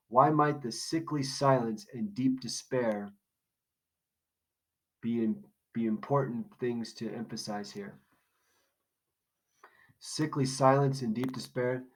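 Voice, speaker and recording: A man walks through a poem in a recorded lesson. He talks casually, poses questions and then answers them himself, at a middle pitch. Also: poor audio. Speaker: teacher. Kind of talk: recorded classroom lesson walkthrough.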